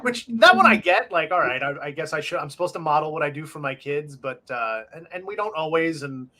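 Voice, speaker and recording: Co-hosting a casual podcast chat, this middle-aged Long Island, New York native rambles, pokes fun at himself and restarts sentences a lot. His fairly high voice is sing-song, pushed and bright, and he talks fairly quickly.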